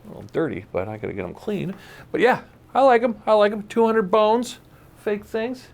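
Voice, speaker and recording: A man's voice: high voice, expressive, a little fast, gravelly, a little mellow. A man hosting a podcast in casual chat, jokey and rambling, laughing often. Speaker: podcast host.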